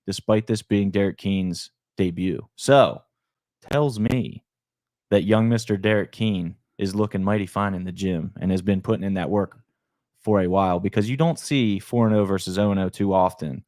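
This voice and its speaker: Low-voiced laid-back podcast man. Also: a little mellow, no room sound. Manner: laid-back, slangy, says "bro" and "like". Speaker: podcast co-host for a fight promotion. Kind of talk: casual live podcast chat. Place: studio.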